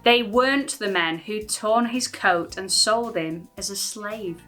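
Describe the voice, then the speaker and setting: A woman presenting a children's school assembly video with slow, expressive storytelling. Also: medium pitch, faint music behind.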